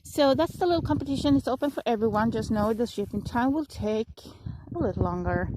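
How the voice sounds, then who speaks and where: A chatty woman with a slightly high voice talks to her viewers while walking her dog outdoors, rambling and laughing apologetically. She films on a handheld phone, and strong wind roars across the recording. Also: animated, fairly quick. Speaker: vlogger. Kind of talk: casual walking vlog. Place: outdoors by a frozen river on a windy day. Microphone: phone held in hand while walking a dog.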